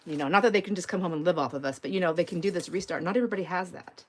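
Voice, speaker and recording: A woman's voice: fairly low pitch, racing, few pauses, a little hiss or hum. A middle-aged woman hosting a live art stream, chatting in a rambling way and laughing often as she talks to viewers while she crafts. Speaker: mixed media art livestream host.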